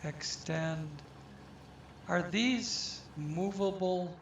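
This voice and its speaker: A man casually talking to himself as he plays a truck game, musing slowly and thinking aloud. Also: sits high, a little hiss or hum. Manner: slow, musing, talks to himself. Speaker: gaming channel host. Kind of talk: casual gameplay commentary. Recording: roomy, distant mic.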